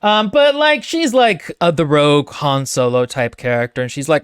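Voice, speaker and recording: A man's voice: on the high side, moderate pace, few pauses, clear, resonant tone, no echo. Jokey guy rambling about a book, lots of ums, dead dry sound. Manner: wry, joking, rambling with fillers. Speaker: podcast co-host. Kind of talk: casual book-club chat.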